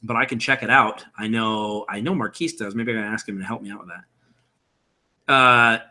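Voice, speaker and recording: A man with a fairly low, steady, sharp-toned voice speaks at normal speed while explaining character creation on a live stream. As a streamer building a game character, he rambles casually, thinks aloud and responds to chat in a home room with window blinds.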